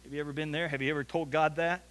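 A man preaching a sermon to his church, with a rather high voice for a man. He tells the story earnestly and doubles back on words when he presses a point. His voice carries a long reverb from a large church hall. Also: fairly even intonation, rapid-fire, fairly bright tone. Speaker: pastor.

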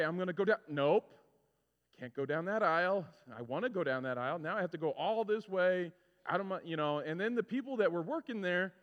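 A male pastor preaching a sermon, telling stories with lively, animated delivery and acting out his own frustrations. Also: high voice. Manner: animated storytelling, acts out his own complaints. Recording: muffled sound with long hall reverb.

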